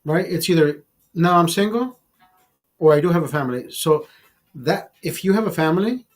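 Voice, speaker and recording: A man's voice: on the high side, animated, normal speed. A man telling a raunchy story in a casual monologue, profane and rambling, often restarting his sentences and amused by himself. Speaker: vlogger.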